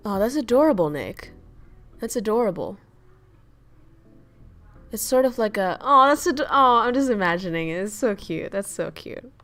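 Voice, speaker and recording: A woman's voice: medium pitch, animated, moderate pace, pauses often, a bit bright, faint music behind. A woman streaming casual chat as a VTuber, ranting bluntly with lots of swearing, laughing and answering chat messages.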